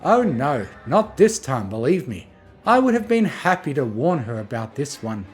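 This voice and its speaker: A man voicing a weary, snarky retired female alicorn princess with a dry, deadpan manner. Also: medium pitch, moderate pace, soft background music, natural voice. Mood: wry.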